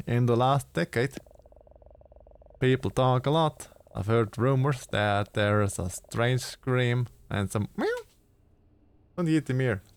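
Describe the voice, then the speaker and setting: A man voicing a male gas station shopkeeper with an odd put-on accent, warning a visitor in a measured tone. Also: mid-range voice, smooth, lightly acted. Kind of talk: voicing game dialogue live.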